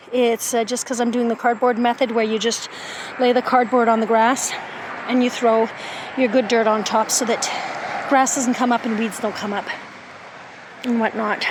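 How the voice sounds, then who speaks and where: A woman's voice: fairly high pitch, background noise. A woman showing off the plants she bought in a casual gardening vlog, chatting outdoors and a little out of breath in the heat. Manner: chatty, thinking aloud about plant names. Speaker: gardening vlogger. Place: outdoors, at a garden center and in her backyard.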